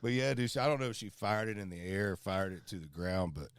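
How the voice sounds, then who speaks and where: A man with a low, deep voice telling a rambling story in easygoing chat, animated and loose. The sound is dry and close. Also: fast talker, smooth, dry recording. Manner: rambling and animated, peppered with "bro" and "dude". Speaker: podcast co-host. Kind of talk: casual storytelling. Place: outdoors by a fire.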